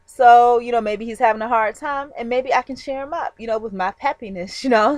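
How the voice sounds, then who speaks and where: A woman telling a story to her viewers in a casual, animated, chatty way, with frequent fillers and laughs. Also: a little high, brisk, dry recording. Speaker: vlogger.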